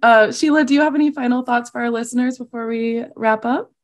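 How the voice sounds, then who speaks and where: A woman hosting an interview podcast, reacting warmly and wrapping up the talk. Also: fairly high pitch, fairly even intonation, a little fast. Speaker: podcast host.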